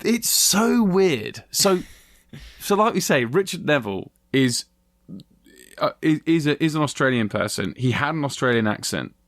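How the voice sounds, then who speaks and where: On a film review podcast, this male co-host chats casually and with lots of energy, now and then letting a swear word slip. His pitch is ordinary and his speed normal. The sound is dry and close-miked, with no room tone.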